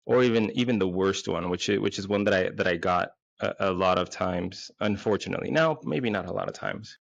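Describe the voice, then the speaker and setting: A man's voice: low-pitched, fairly quick, vocal fry, hardly any pauses, no echo, muffled recording. A man in his forties, hosting with a crude, rambling, self-mocking comedic monologue. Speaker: podcast host.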